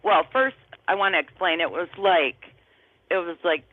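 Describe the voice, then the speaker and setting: A woman's voice: on the low side, moderate pace, no room sound. A woman in her fifties tells a personal testimony in conversation, earnest and emotional, often searching for words. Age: 50s. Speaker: guest sharing a testimony. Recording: tinny phone-like line, dry.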